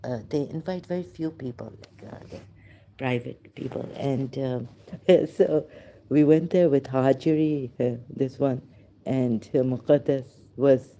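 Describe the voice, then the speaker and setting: A woman's voice: rumbling low, measured pace, mellow, a little hiss or hum. A woman from Pakistan with a Pakistani accent, telling a rambling personal story, switching between English and Urdu, with many fillers and apologies. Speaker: vlogger.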